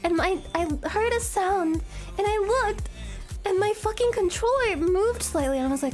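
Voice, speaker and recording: Very high-pitched excitable woman streamer. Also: moderate pace, soft background music. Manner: excitable, giggly, swears freely. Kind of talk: casual live-stream gameplay chat. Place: home room at a desk.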